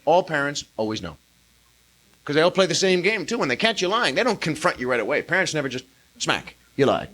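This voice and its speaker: A man in his thirties performing a live stand-up routine, with an animated, exaggerated delivery and acted-out quotes. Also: on the high side, fast talker. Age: 30s. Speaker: stand-up comedian. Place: comedy club stage with audience. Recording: hissy early-1980s live club recording.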